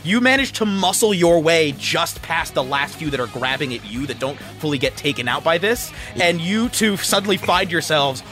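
A man's voice: a little high, lively intonation, normal speed, few pauses, music in the background. A man narrating a tabletop game as game master, full of fillers and laughter.

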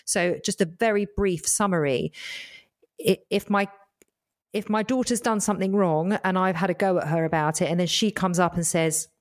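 A middle-aged woman with a slightly low voice talks through ideas in a casual podcast chat. She is earnest and reflective, slowing down when she makes a point. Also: steady tone. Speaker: podcast co-host.

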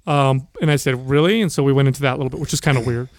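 A man co-hosting a casual podcast chat, telling a story with lively energy and frequent swearing. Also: mid-range voice, racing, dry recording, studio quality. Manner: animated storyteller, swears freely. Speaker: podcast co-host.

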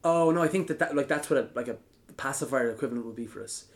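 A man's voice: mid-range voice, quick pace. An Irish man hosting a podcast in casual chat, joking and swearing freely. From Ireland. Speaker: podcast host.

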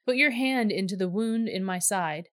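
Gentle calm male teacher, read by a woman, close dry storybook read. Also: medium pitch, normal speed, dry recording, close to an everyday voice.

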